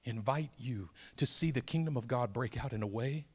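A man preaching a sermon, telling a story with dramatic swings from soft whispers to loud, high-pitched outbursts. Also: moderate pace, husky.

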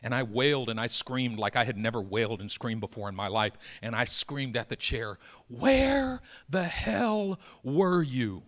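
A middle-aged man preaching a sermon through a personal story, swinging from loud exclamations to hushed near-whispers. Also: fairly low pitch, steady tone, fairly quick, hardly any pauses.

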